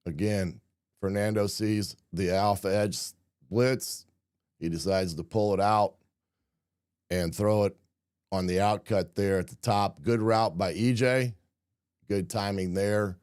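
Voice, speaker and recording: A hoarse man hosting a casual football film breakdown, often clearing his throat and filling pauses with "uh" and "um". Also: lowish voice, fairly even intonation, a little mellow, no room sound, clean studio sound. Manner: frequent throat clearing, many fillers. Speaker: football analyst host.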